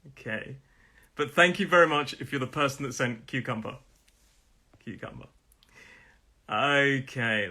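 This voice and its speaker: Bright-voiced man teaching pronunciation. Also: mid-range voice. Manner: friendly, repeats words slowly with stress. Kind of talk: live-streamed pronunciation lesson.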